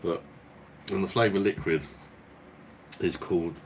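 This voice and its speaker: Deep-voiced bloke rambling. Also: male voice, fairly even intonation, unhurried, a little hiss or hum. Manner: rambling, swearing, chuckling as he talks. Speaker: beer review channel host. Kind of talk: casual storytelling chat and viewer Q&A.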